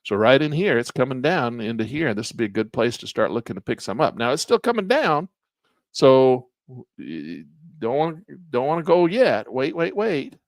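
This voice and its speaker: A man's voice: medium pitch, very animated, moderate pace, dry recording, clean studio sound. A man teaching a live online trading class in a casual, folksy way while pointing at charts. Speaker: trading instructor.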